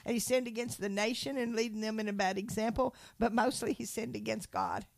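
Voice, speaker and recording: A woman's voice: a little high, brisk, gravelly. Woman retelling a Bible story. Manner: animated storytelling, acts out quotes. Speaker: Christian speaker. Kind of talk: conversational Bible teaching.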